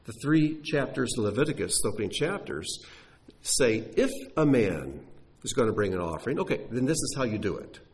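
A man with a mid-range voice preaches briskly, teaching from scripture. His delivery is animated, rising and falling with emphasis, and he leans heavily on rhetorical questions.

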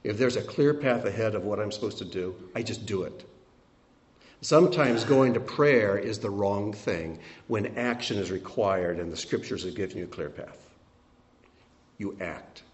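A man's voice: lowish voice, normal speed. Older male pastor preaching a sermon. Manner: swings from emphatic peaks to quiet asides.

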